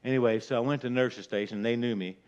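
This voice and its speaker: A man's voice: mid-range voice, fairly even intonation, fast, a little mellow, clean tone. An older man telling a folksy, rambling prank story in casual talk, chuckling as he goes, on a dull lo-fi recording. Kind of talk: casual spoken anecdote.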